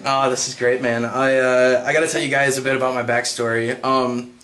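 A young man doing a stand-up set for a live crowd, halting with many ums and uhs and breaking into high put-on voices. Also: little pitch movement, fairly bright tone. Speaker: stand-up comedian. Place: comedy stage with a live audience.

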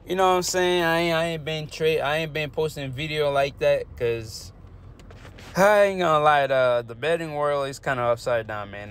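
A young man casually vlogging about his sports bets, slangy and animated, sometimes trailing off into quiet muttering and working through numbers haltingly. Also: mid-range voice, vocal fry, a little hiss or hum. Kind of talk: casual talk to camera.

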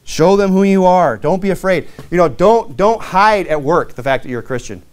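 A man's voice: expressive, moderate pace, darkish tone, smooth. A man, a pastor, preaching a sermon in a plainspoken, earnest way with many conversational fillers. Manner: reads King James scripture aloud, rising in pitch on key verses.

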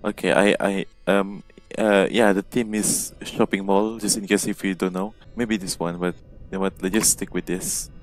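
A man with a low, steady voice talks at normal speed, faint music in the background, as he plays a game alone at home. Recorded on a headset microphone, his casual commentary is nervous and jumpy, punctuated by startled outbursts.

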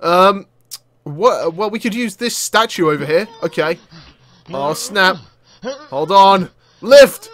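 A young man giving excitable let's-play commentary, often shouting and laughing as he plays. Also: high voice, normal speed. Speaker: gaming video creator.

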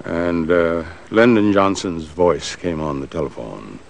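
A man recounting past events in an interview, slowly, acting out the voices he quotes. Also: sits low, vocal fry, a little hiss or hum. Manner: slow, animated, acts out quoted voices. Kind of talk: archival interview storytelling.

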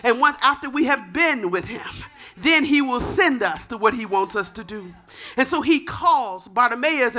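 A woman pastor delivering a fervent sermon, building to shouted repeated calls and easing into a softer teaching tone. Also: sits high.

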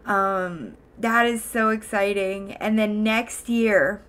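Here a young streamer talks in a mid-range, steady voice that's slow, a bit bright and clean. Her casual chat with viewers wanders, full of fillers, restarts and corrections of herself.

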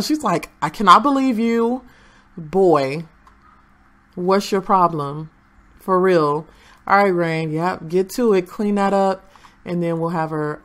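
A young woman chatting through her gameplay and talking to the game characters. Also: mid-range voice. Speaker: gaming channel host. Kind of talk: casual gameplay commentary.

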